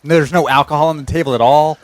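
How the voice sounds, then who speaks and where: A man playing a tabletop game with friends, joking and sarcastic, halting now and then. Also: on the high side, fairly even intonation, dry recording. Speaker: player. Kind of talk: casual tabletop play.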